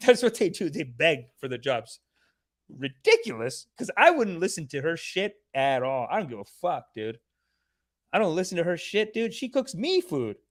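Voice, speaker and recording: A young man hosting a comedy podcast, riffing in a profane, animated way. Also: on the high side, normal speed. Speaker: podcast host.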